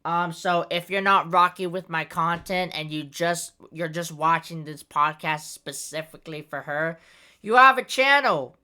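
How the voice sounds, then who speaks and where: A woman's voice: lowish voice, unhurried, bright, forceful tone, clean tone. A woman hosting a podcast in casual chat, rambling with many fillers and frequent laughter. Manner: giggly, rambling, lots of fillers. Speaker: podcast host.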